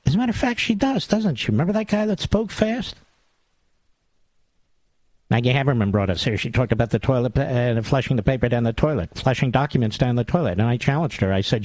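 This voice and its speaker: A man's voice: medium pitch, lively intonation, brisk, darkish tone, no echo. A man hosting a talk radio monologue, sarcastic and mocking, with big theatrical swings in tone.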